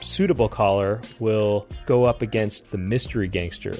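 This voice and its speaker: A man's voice: on the low side, fairly even intonation, normal speed, darkish tone, soft background music. A man hosting a comedy podcast, upbeat and laughing in casual chat with his co-hosts. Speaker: podcast host.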